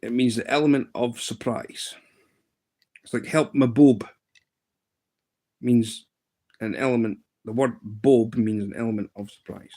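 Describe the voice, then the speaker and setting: Scottish guy in his 30s rambling thru a story on stream, mid pitch, does little voices for people. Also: fairly even intonation, moderate pace, a little mellow. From Scotland. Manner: rambling, jumps pitch to mimic others in anecdotes. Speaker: live streamer. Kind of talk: casual livestream storytelling.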